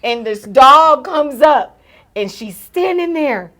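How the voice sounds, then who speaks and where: Woman, podcast co-host, high-pitched, casual storytelling, acts out shouts and gasps. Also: lively intonation, slow pace.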